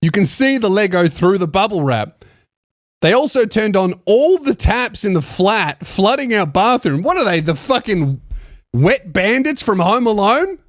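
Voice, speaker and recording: A man's voice: high voice, very animated, unhurried, no echo, studio quality. A man hosting a comedy podcast, reading a listener's story aloud and riffing on it with crude, mocking jokes. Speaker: podcast host.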